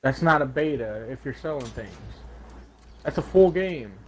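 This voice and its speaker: A man's voice: medium pitch, expressive, normal speed, a little hiss or hum. A man playing a video game and commentating, sarcastic and ranting, swearing often. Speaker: gaming channel host. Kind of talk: casual gaming commentary.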